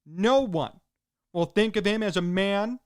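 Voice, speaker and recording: Sports talk guy ranting, punchy short lines, kinda high voice for a man. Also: unhurried, clean tone. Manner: emphatic, repetitive, punchy short sentences. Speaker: sports talk show host. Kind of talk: opinionated sports commentary monologue.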